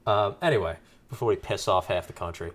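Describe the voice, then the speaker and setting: A man's voice: on the low side, brisk, a crowd in the background. A young man co-hosting a gaming podcast in casual chat, rambling with many fillers and restarts. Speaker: podcast co-host.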